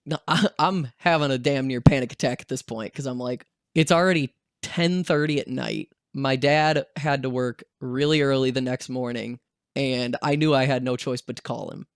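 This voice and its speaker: A young man telling a story in a casual, animated vlog style, swearing freely and acting out the voices of the people in it. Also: medium pitch, moderate pace, clean tone, no echo, studio quality. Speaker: vlogger.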